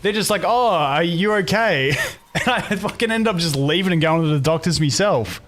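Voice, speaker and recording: Animated and brisk, a young man with a slightly high, somewhat bright voice chats casually on a live stream. He rambles through stories, restarting them and swearing a lot.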